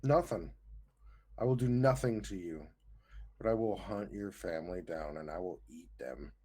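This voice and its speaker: A man with a mellow, low-pitched voice playing a tabletop game. He draws out his words slowly, making quiet threats in character. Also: lively intonation. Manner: slow, menacing in character. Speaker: player.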